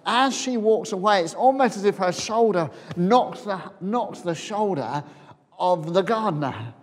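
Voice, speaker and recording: Slow, dramatic preacher in a reverberant hall. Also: male voice, high voice, expressive. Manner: storytelling, imagining scenes aloud, swinging from loud to hushed. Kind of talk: sermon.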